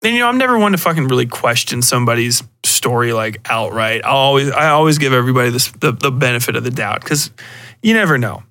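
A man's voice: medium pitch, expressive, fast talker, sharp tone, dry recording. A man hosting a podcast, ranting in a profane, rambling way with lots of restarts. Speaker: podcast host. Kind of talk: casual solo rant.

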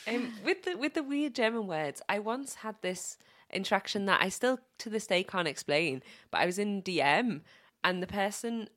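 A woman's voice: mid-range voice, normal speed, few pauses. A woman who is a guest on a podcast, telling an anecdote in casual chat and laughing often. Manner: laughing, animated anecdote-teller.

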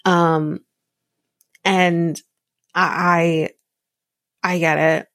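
A woman hosting a podcast, giving a candid, opinionated recap of a reality show, swearing freely and quoting the cast in a higher voice. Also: little pitch movement, very slow, fairly bright tone, no echo, clean studio sound. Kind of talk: casual recap commentary.

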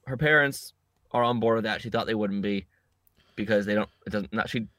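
A man's voice: on the low side, fairly quick, bright, forceful tone, dry recording. A man co-hosting a podcast, recapping a movie in a rambling, joking way with many restarts. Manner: rambling, self-correcting recap with wry jokes. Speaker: podcast co-host. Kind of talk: casual chat.

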